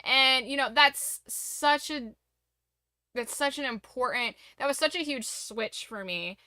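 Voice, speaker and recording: A woman's voice: sits high, measured pace, bright, forceful tone, dry recording. A young woman streamer in a casual late-night chat, speaking candidly and reflectively about her struggles, rambling with restarts.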